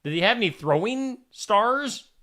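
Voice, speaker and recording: A man's voice: high-pitched, lively intonation, a little slow, sharp tone. A male host reading odd news stories aloud and adding wry asides between them.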